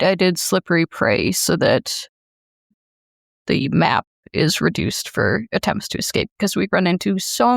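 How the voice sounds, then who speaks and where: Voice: mid-range voice, creaky, dry recording, studio quality. A player chatting casually at a tabletop game, explaining choices.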